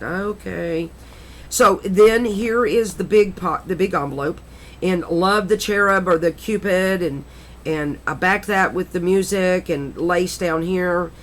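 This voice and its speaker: A woman's voice: lowish voice, measured pace, a bit bright. Chatty middle-aged woman showing crafts. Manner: chatty, rambling, self-correcting. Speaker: crafter showing her journal. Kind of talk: casual craft flip-through.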